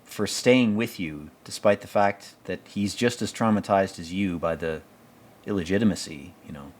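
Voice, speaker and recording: A man's voice: deep voice, normal speed. A man hosting a podcast, giving blunt, profane, rambling commentary on a TV episode. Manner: blunt, profane, rambling, with mocking quoted voices. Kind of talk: casual opinionated commentary.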